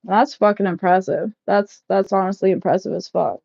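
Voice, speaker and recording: A woman in her thirties chatting casually with live viewers while packing up, loud and laughing, swearing freely. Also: mid-range voice, fairly even intonation, normal speed, creaky, dry recording, muffled recording. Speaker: livestream vlogger. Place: shed, packing up.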